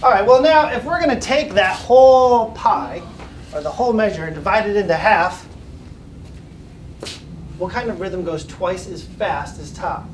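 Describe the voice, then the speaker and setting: A man's voice: high-pitched, animated, moderate pace, distant mic, a little hiss or hum. Upbeat male music teacher in echoey classroom. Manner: upbeat, patient, chants rhythms for children to repeat. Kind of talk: classroom lesson with call and response.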